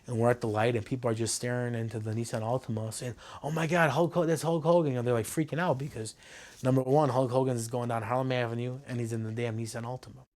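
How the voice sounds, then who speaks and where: A man's voice: mid-range voice, steady tone, quick pace, darkish tone. A man telling his own story in a documentary interview, retelling conversations in a loose, filler-laden way.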